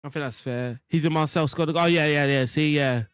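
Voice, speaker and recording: Young man, loose jokey gameplay chatter, raised pitch, dry close mic. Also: fairly quick, a bit bright, clean tone, no room sound. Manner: rambling, jokey, talks to chat. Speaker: gaming streamer. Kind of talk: casual gameplay commentary.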